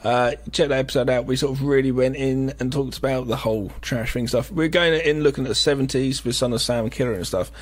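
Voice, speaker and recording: A man's voice: medium pitch, fairly quick, few pauses. A man co-hosting a podcast in casual chat, rambling with many fillers and restarts. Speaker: podcast co-host.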